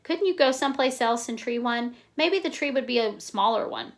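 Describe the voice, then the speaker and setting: A woman reading the lines of a kind farm father who speaks in a slow, calming voice. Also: a little high.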